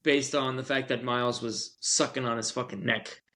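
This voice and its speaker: A man's voice: medium pitch, steady tone, moderate pace, pushed and bright. A man co-hosting a podcast, joking and teasing in casual chat. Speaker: podcast co-host.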